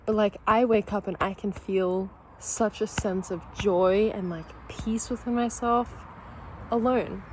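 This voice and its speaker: A woman's voice: mid-range voice, fairly even intonation, unhurried, a little hiss or hum, rough recording. A woman chatting casually in a vlog at home over breakfast, candid and swearing freely, overwhelmed with emotion and laughing through near-tears. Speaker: vlogger. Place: at home during breakfast, with her dogs.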